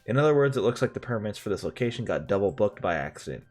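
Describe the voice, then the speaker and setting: A man voicing a calm male police officer who speaks in a plain, official, matter-of-fact way. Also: fairly low pitch, fast talker.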